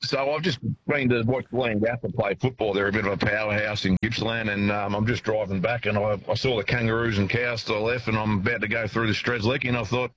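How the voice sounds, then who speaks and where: Australian male caller, lowish voice, halting, dull lo-fi phone sound. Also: steady tone, a bit bright. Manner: friendly, halting, many fillers. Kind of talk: phone-in call to radio. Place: driving in a car. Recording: dull phone line with faint noise.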